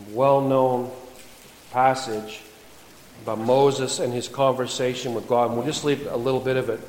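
Pastor preaching in an echoey hall. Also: male voice, mid-range voice, a little hiss or hum. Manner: conversational storytelling, then reading scripture aloud. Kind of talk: sermon. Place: church sanctuary.

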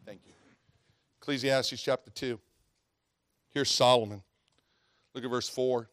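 A man's voice: medium pitch, fairly even intonation, a little slow, long pauses. Folksy preacher man with dynamic swings. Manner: folksy storytelling, swings from quiet asides to loud preaching; reads scripture in old-fashioned wording. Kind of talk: sermon.

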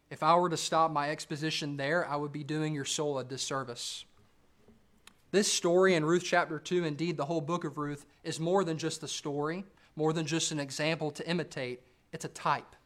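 Male preacher, slightly high voice, measured sermon delivery with emphatic lifts. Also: a bit bright.

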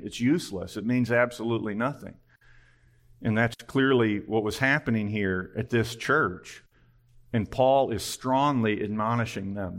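A male pastor preaching an earnest sermon, full of pointed rhetorical questions. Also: fairly low pitch.

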